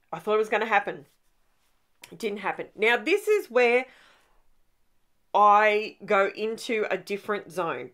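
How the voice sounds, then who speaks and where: An Australian woman hosting a scrapbooking channel, giving a chatty, rambling voice-over from her home craft room. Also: fairly low pitch. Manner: chatty and rambling, with fillers and asides.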